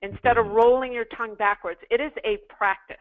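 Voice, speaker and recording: Her voice is a little high and fairly even in intonation, and she talks a bit fast. As a sales trainer running an interactive online class, she drills callers emphatically and repeats phrases for them to practice, heard over a tinny phone-like connection.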